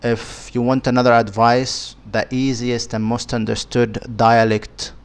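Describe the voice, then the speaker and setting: A man, an Arabic speaker, leads a beginner lesson at an unhurried, deliberate pace. He patiently repeats and sounds out each letter one at a time, his voice sitting at an ordinary middle pitch. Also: little pitch movement, smooth. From Egypt. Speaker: Arabic teacher.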